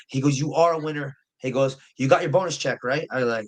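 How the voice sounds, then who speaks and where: A man's voice: medium pitch, fast talker, few pauses. A man, a professional fighter and podcast guest, telling a story in a rambling, profane, repetitive way. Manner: rambling, profane, repeats himself. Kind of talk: casual storytelling chat.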